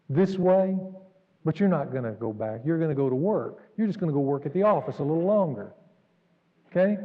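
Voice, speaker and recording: A man pastor delivering an earnest, dramatic sermon, jumping between raised exclamations and hushed asides. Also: sits high. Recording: dull recording in a reverberant hall.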